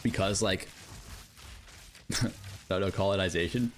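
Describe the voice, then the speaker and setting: A man's voice: deep voice, slow pace, a little hiss or hum. A male game streamer chatting casually with live viewers, rambling and musing aloud with lots of fillers.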